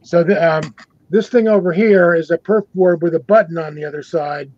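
An older man showing a homemade electronics project on a video call, halting with many fillers and restarts. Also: on the high side, highs cut off. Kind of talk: casual show-and-tell on a video call.

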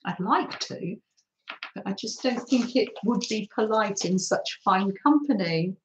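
Gentle, slow-talking older woman. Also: medium pitch, expressive, roomy sound, highs cut off, a little hiss or hum. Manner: soft, chatty, often laughing and apologising. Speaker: craft channel host. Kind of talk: gentle live-stream chat with viewers.

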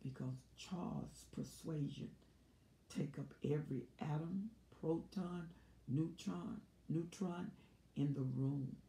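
A woman's voice: low-pitched, takes it slowly, vocal fry, dark tone, roomy sound. A woman giving an emphatic, preacherly talk, telling a story and acting out its scenes in different voices. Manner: acts out scenes in character voices. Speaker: relationship teacher.

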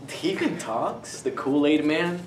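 A man as a guest in a casual chat, hesitant and quick to laugh. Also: fairly high pitch, animated. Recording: roomy, distant, noisy.

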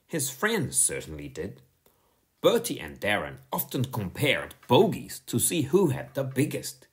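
A man narrating a children's audiobook in an expressive storytelling manner. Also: fairly low pitch.

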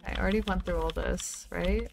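A woman's voice: fairly low pitch, steady tone, normal speed, creaky, faint music behind. A woman game streamer chatting casually as she plays, swearing freely and muttering to herself. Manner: swears freely, talks to herself while playing. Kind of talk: casual livestream chat while gaming.

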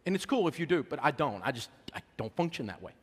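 A folksy, middle-aged American man preaches in a hall about faith and money, telling sermon-style stories with emotion and swinging between loud preaching and a soft hush. His voice is a little high, slightly rough, very animated, and quick.

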